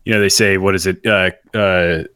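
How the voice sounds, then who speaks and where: A man's voice: low voice, steady tone, moderate pace, bright, forceful tone, smooth, no room sound, studio quality. A man co-hosting an improvised comedy podcast, rambling in a mock-earnest way. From Texas. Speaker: podcast co-host.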